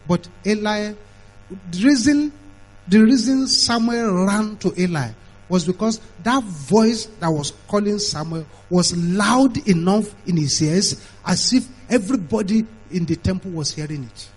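Husky, high-voiced preacher. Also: male voice, moderate pace, poor audio. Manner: repetitive, animated preaching that mimics voices. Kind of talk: emphatic sermon.

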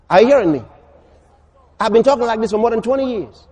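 A man preaching a sermon, emphatic and repetitive, rising to shouts. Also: very high-pitched, lively intonation, fast, long pauses.

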